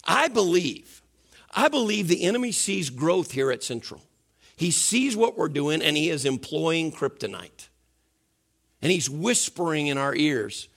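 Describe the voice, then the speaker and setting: A man preaching a sermon as pastor in a church, animated and asking the congregation questions. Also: a little high, measured pace, vocal fry.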